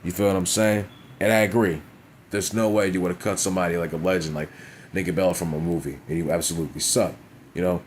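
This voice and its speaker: Man, low voice, wrestling review rant, crude and blunt, light background hiss. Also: steady tone, fast. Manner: blunt, profane, frequent "you know what I'm saying". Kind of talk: casual profane rant.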